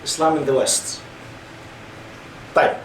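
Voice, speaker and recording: A man's voice: unhurried, slight background noise. A man in his fifties giving an Islamic lecture to young listeners, often putting questions to the audience. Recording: roomy hall, mic at a distance.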